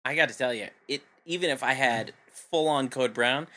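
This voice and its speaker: A man's voice: medium pitch, normal speed, sharp tone. A man co-hosting a comedy podcast, telling odd news stories in a dry, casual way. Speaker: podcast co-host.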